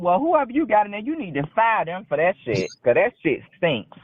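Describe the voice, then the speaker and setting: A woman's voice: medium pitch, expressive, fairly quick, hardly any pauses. A woman calling in to a talk show, telling a rambling story bluntly and with heavy profanity. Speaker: caller. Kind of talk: casual phone-in storytelling. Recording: dry tinny phone line.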